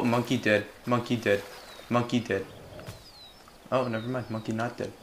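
A man doing let's play commentary, excitable and prone to yelling reactions and silly caveman talk. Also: medium pitch, normal speed, long pauses, a little hiss or hum. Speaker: gaming video creator. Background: game music.

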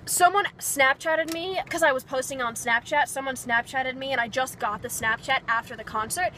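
A young woman vlogger excitedly telling a story, gushing and breathless with lots of fillers. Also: sits high, normal speed, a little hiss or hum. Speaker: beauty vlogger.

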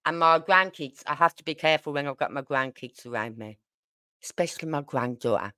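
A woman's voice: deep voice, a little fast, sharp tone, clear, resonant tone, no echo. Older brummie lady rambling on a livestream, dry close sound, gets fed up easy. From Birmingham, England. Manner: chatty and rambling, with exasperated asides. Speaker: true crime livestream host. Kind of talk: casual chat.

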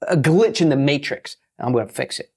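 A man who is a guest on an interview show, telling lively stories and acting out what others said. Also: fairly high pitch, a little fast, slightly rough. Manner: animated, acts out quotes. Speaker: guest, pitching author. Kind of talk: storytelling interview talk.

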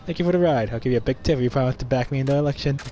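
A man's voice: mid-range voice, racing, warm tone, soft background music. A young man streaming a game, reading its dialogue aloud playfully and commenting between lines with laughs.

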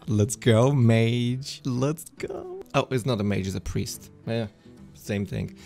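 A man streaming a card game, chatting excitedly to himself and often jumping into squeaky high exclamations. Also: slow, creaky, faint music behind. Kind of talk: casual gameplay commentary.

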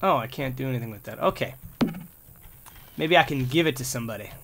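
A man commentating a life-sim game, getting exasperated and shouting insults at the characters. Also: medium pitch, expressive, quick pace, gravelly, a little hiss or hum. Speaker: gameplay commentator. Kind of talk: let's play commentary.

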